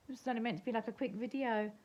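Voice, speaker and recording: A woman's voice: fairly high pitch, fast, darkish tone, muffled recording. An older woman with an English accent, rambling chattily to camera in a casual home vlog. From England. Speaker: vlogger. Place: at home, indoors.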